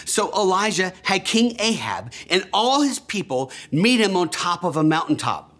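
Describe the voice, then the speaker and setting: A man's voice: sits high, very animated, normal speed, a bit bright. A man telling a Bible story to young children, enthusiastic and gasping, leading them in call-and-response.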